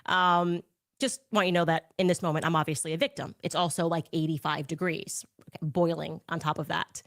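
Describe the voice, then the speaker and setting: A woman's voice: low-pitched, fairly quick. Sarcastic woman telling a story. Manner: sarcastic, animated, laughing asides. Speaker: podcast host. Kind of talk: casual storytelling.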